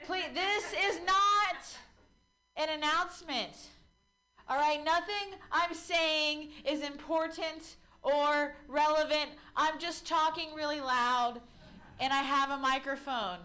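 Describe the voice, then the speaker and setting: Woman stand-up comic, high voice, chatty self-mocking delivery. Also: steady tone, slow. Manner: mock-loud announcing, then chatty and self-mocking. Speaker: stand-up comedian. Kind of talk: stand-up set.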